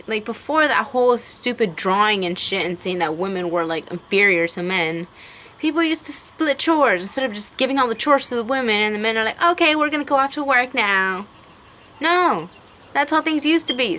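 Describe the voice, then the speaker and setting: A woman's voice: fairly high pitch, sharp tone, slight background noise. A young woman ranting to camera in a heated, profane way, rambling with lots of fillers. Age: young adult. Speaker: vlogger.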